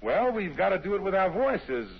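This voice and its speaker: An eager, quick young showman. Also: high-pitched, very animated, creaky, slightly rough, heavily acted. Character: young man of a singing team, eager, pitching ideas. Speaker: actor in a radio drama. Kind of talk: 1950s radio drama acting. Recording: dull old radio broadcast.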